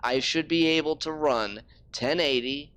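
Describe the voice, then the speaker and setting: A man's voice: fairly high pitch, measured pace, a bit bright, smooth. A man streaming a game live, ranting in frustration and swearing freely. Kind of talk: casual live-stream talk.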